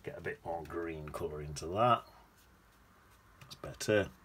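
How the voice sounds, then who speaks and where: A man's voice: low-pitched, unhurried, a bit bright, husky. A man teaching watercolour painting in a chatty, rambling way, humming to himself as he paints. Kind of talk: casual painting demonstration.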